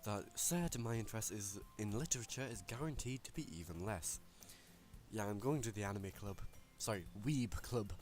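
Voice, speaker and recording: A man's voice: fairly low pitch, normal speed, darkish tone, faint music behind. A young man hosting a let's play, reading game text aloud with casual, profane, self-mocking commentary. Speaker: gaming channel host.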